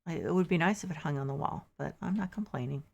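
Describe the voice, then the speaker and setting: A woman streamer with a low, gravelly voice chats casually with her viewers as she plays. She thinks aloud and drops mildly exasperated asides. She sounds a little sleepy. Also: fast, highs cut off. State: sleepy, yawning. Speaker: game streamer. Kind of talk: casual gameplay commentary.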